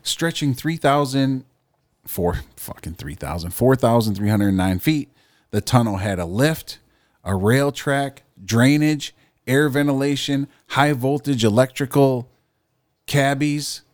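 A man's voice: mid-range voice, measured pace, darkish tone, no echo, clean studio sound. A man co-hosting a podcast, joking and swearing in rambling casual chat. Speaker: podcast co-host.

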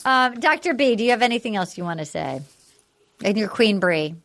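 A woman hosting a casual recap chat, talking frankly and bluntly with a joking, animated delivery. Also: medium pitch, fairly quick. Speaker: podcast host.

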